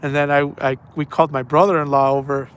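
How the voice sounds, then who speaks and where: A man's voice: fairly high pitch, little pitch movement, fast talker, smooth. A man telling a story casually outdoors at night. He rambles and repeats himself and drops slang like "man" and "bro". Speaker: angler telling stories on a night fishing trip.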